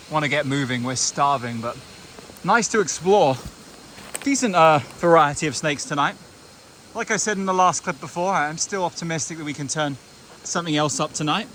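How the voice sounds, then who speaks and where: A young man with a bright, forceful voice gives chatty, excitable field commentary outdoors at night by a stream, sounding a touch high for a man. Faint noise and crickets hum behind him as he talks into a handheld camera mic. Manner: excitable, chatty, swears casually. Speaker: vlog host. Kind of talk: casual on-the-spot field commentary.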